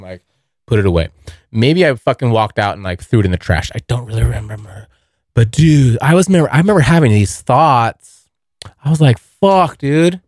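A man's voice: mid-range voice, no echo, studio quality. A young man hosting a podcast from a basement, telling a rambling story full of swearing, talking to his listeners as bros. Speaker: podcast host. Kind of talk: casual storytelling monologue. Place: basement near a furnace.

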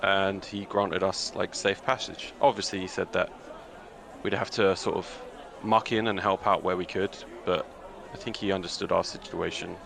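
A man voicing a guarded young man on the run, speaking in a halting, subdued way during a tabletop game. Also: sits low, steady tone, creaky, crowd noise, background noise. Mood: somber. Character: guarded young man fleeing a gang past. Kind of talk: tabletop game role-play.

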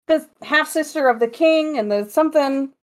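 A woman's voice: high voice, normal speed. A woman co-hosting a casual chat, telling ghost stories in a joking, chatty way. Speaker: podcast co-host.

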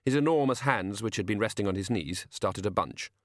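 A man reading a novel aloud as narrator, in a measured, dry storytelling manner. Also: lowish voice, expressive, dry recording. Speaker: audiobook narrator. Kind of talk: scripted narration.

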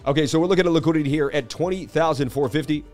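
A man hosting a live-streamed market analysis, talking in an animated, casual, hype-driven way. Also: fairly high pitch, racing, faint music behind. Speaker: crypto market analyst host.

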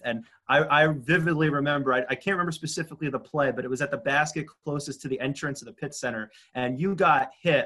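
A man's voice: medium pitch, sharp tone. Chatty man interviewer. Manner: chatty, stumbles over his words. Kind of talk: casual interview.

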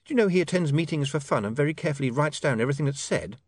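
Reading a storybook, a man voices a prim, snappish young woman reporter in a raised, proper tone pitched far above his own. His delivery races with lively, swinging intonation and a breathy edge. The recording is dry and close with no room sound.

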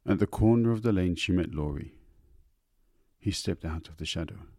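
A man reading a literary story aloud in a slow, measured, lingering way. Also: deep voice, mellow, no room sound. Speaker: narrator.

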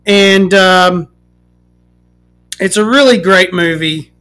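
A woman hosting a podcast, ranting casually and swearing, swinging from loud outbursts to muttering. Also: fairly low pitch, takes it slowly. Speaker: podcast host.

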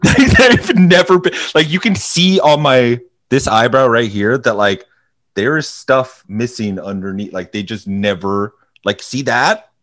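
A man's voice: mid-range voice, lively intonation, unhurried, fairly bright tone, no room sound. A young man in casual chat, joking around and swearing freely.

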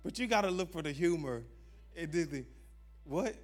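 A man preaches in a relaxed, conversational way, his voice sitting a little high for a man. He laughs often as he tells his stories and repeats key phrases for emphasis. Soft music plays faintly underneath. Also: normal speed. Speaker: pastor. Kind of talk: casual humorous sermon.

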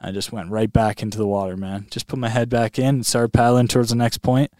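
A man, a podcast guest, telling a story in a casual, animated way, full of "like" and "man". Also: medium pitch, a little fast, no echo, clean studio sound. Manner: animated, heavy on fillers like "like" and "man". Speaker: guest recounting a long lake swim.

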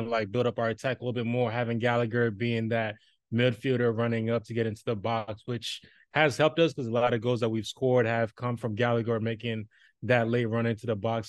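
A man co-hosting a sports podcast who recounts his team's results in an animated, boastful way. His voice is at a middle pitch, and the sound is dry and close with little room around it. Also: fairly quick, dry recording. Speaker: podcast co-host. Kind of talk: casual chat.

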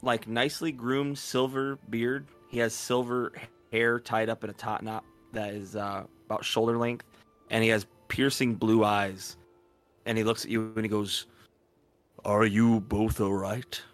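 A man's voice: fairly low pitch, little pitch movement, moderate pace, a bit bright, soft background music. A man playing a tabletop game, loosely narrating his character's actions with laughs and fillers. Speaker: player.

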